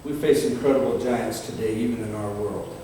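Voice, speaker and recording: An older man preaching a sermon in a fiery, dramatic way, reading scripture slowly and emphatically and swinging between loud and quiet. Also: fairly low pitch. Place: large church hall. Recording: echoey hall from far off, faint background noise.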